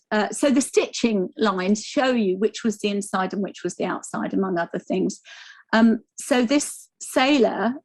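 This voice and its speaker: A woman giving an academic conference lecture over slides, speaking with frequent ums, pauses and restarts. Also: medium pitch. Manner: hesitant, many ums and restarts.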